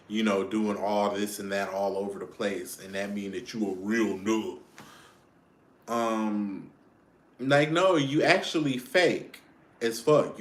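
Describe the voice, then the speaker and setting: A man's voice: on the low side, fairly bright tone. A man hosting a casual celebrity gossip show, sassy and blunt, swearing freely and laughing often. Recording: roomy echo.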